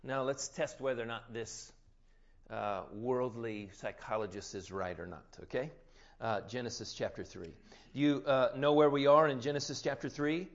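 A male preacher tells a scripture story with animation, acting out scenes and pulling his listeners in. His voice sits at a middle pitch and comes through a slightly muffled, dull recording. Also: fairly even intonation, normal speed. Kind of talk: sermon.

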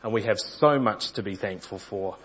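A man's voice: on the low side, normal speed, a bit bright, breathy edge, dull audio. A man preaching a sermon in an earnest storytelling manner, sometimes restarting phrases.

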